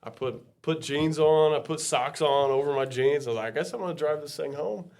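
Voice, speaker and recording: A man telling a story on a casual podcast, animated, acting out screams and other people's voices. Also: on the high side, a little fast, creaky. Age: adult with a young son.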